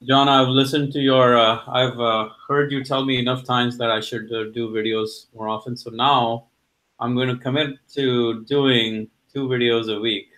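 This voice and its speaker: A man's voice: mid-range voice, little pitch movement, normal speed, a bit bright, poor audio. Earnest hesitant man on a podcast. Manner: earnest, hesitant with many uhs. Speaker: podcast guest. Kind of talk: casual chat.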